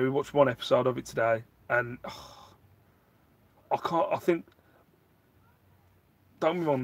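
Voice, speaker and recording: A man's voice: mid-range voice, dry recording. Bloke in his 30s rambling on a live stream, reads chat, gets fired up. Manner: rambling, animated, gets worked up; reads out viewer chat and answers. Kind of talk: casual chat.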